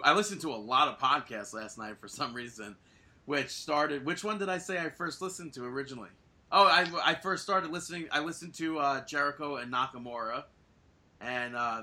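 Male podcast co-host, very bright tone, rambling casual delivery. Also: medium pitch. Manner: rambling, self-correcting. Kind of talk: casual chat.

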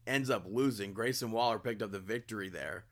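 A man co-hosting a casual podcast, making picks in a relaxed way and laughing at his own jokes. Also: fairly low pitch, brisk. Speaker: podcast co-host. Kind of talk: casual wrestling podcast chat.

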